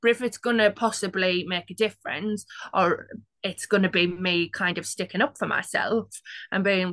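A woman's voice: fairly low pitch, steady tone, moderate pace, fairly bright tone, no echo. A woman telling her own story as an interview guest, chatty and casual, with quoted asides.

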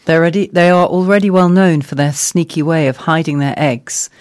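A radio presenter introducing an item in a relaxed way, with a few fillers. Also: mid-range voice, a little fast.

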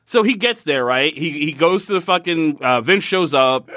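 Guy cussing and venting in a casual recap, pretty high voice, dry room. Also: normal speed, no echo. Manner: animated, profane, exasperated ranting. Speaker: podcast co-host recapping a TV episode. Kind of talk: casual chat.

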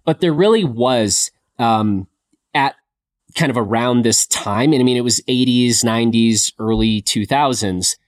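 A man co-hosting a podcast, leading a relaxed film chat and thinking aloud with fillers. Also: mid-range voice, a little slow. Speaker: podcast co-host. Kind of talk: casual film discussion.

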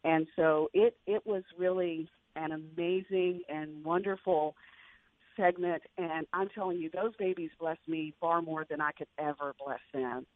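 A woman's voice: low-pitched, fairly even intonation, measured pace, dry recording. An older woman, a veteran journalist, telling an emotional personal story as a radio guest, with earnest restarts. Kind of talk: heartfelt interview storytelling. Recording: tinny phone-like radio line.

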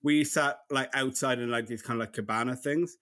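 An Irish man with a slight lisp, chatting loosely on a podcast. His voice is bright and forward, mid-pitched, and he rushes and mumbles through his stories with easy laughter. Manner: fast, mumbling, laughs often. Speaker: podcast co-host. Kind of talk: casual chat.

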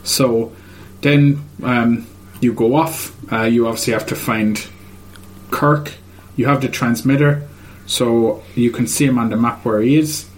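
A man's voice: mid-range voice, steady tone, unhurried. A man in casual chat, retelling a video game's story in a hesitant, rambling way full of ums and uhs.

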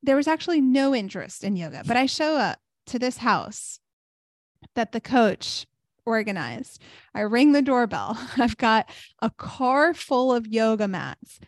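A young woman on a yoga podcast, an animated storyteller who laughs often and fills her talk with "like". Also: a little high, unhurried, no room sound, studio quality. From South Florida. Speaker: podcast co-host, yoga teacher. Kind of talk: casual chat, storytelling.

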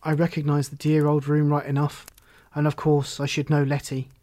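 A man reading the part of an earnest young man returning home, speaking in a lively, emphatic way. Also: on the high side, moderate pace, dry recording, studio quality, lightly acted.

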